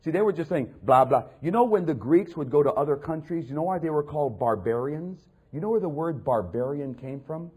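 A man preaching a sermon, reading scripture and mocking other voices, building to loud peaks. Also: on the high side, expressive, fairly quick, few pauses, slightly rough.

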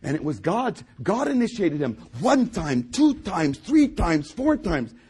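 Male preacher, husky tone, very animated pitch, emphatic repetition. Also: unhurried. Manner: swings from loud emphatic repetition to low hushed delivery. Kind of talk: sermon.

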